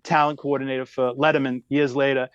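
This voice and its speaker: A comedian in his fifties telling a story in a lively, exaggerated way as a podcast guest. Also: medium pitch, fast, smooth, no echo, muffled recording. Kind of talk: animated storytelling.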